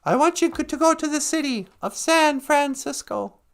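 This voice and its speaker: A man's voice: very high voice, moderate pace, creaky, fairly bright tone, heavily acted. A man voicing an older, earnest male grandfather in a spoken joke. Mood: solemn.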